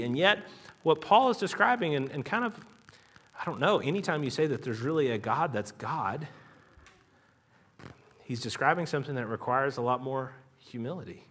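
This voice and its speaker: A man's voice: high voice, a bit bright. A man preaching a conversational sermon, explaining ideas with casual asides and building emphasis. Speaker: pastor.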